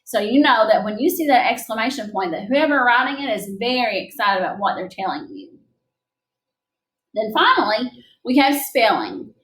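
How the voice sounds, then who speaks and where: A young adult woman teaching a recorded lesson to young children, gentle and encouraging, speaking slowly and clearly. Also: fairly high pitch, big pitch swings. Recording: echoey room.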